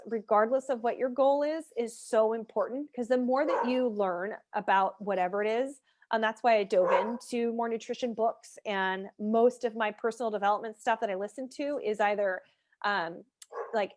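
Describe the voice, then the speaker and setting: Chatty woman fitness coach. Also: a little high. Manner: chatty, candid, many fillers. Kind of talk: casual online workshop talk.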